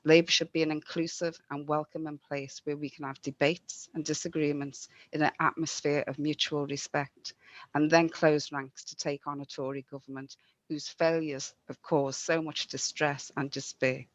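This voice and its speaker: A woman's voice: sits low, flat delivery, normal speed, dry recording. A woman giving an earnest, rallying campaign speech over a video call. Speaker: mayoral candidate. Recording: dry, dull lo-fi sound.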